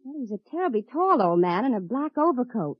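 A breezy young legal secretary chats in a bright, lively, high voice with a breathy softness. The sound is dry and close. It has the muffled, dull tone of a vintage radio play. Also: female voice, quick pace, dry recording. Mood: chatty. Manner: chatty, breezy, playful. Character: chatty young female legal secretary, sweet and teasing. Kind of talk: 1950s radio drama acting.

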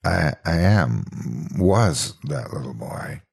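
A terrified young man , put on by a male narrator, stammering and pleading in a strained voice pushed up high. There's a husky, gravelly grain underneath. It's a spoken horror story. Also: animated, slow pace, a little mellow, full character voice. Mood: tearful.

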